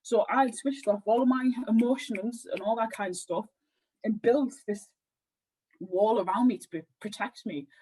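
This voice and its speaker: Podcast guest: a woman healer with a husky voice, animated and rambling. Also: on the high side, moderate pace, poor audio. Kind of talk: casual podcast conversation.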